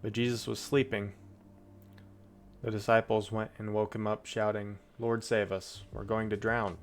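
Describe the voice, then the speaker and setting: Low-voiced man casually reading scripture. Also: little pitch movement, measured pace, a little hiss or hum. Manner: chatty, loose asides, chuckles at the text. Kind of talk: casual Bible reading with commentary.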